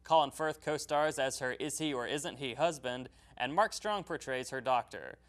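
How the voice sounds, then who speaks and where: A man presenting scripted entertainment news about movies, in an upbeat, brisk manner. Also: medium pitch, a bit bright. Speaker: entertainment reporter.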